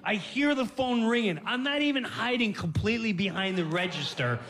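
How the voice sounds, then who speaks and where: A man hosting a podcast and telling comic stories, animated and laughing, jumping into voices. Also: sits high, moderate pace. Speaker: podcast host. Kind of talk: comic storytelling.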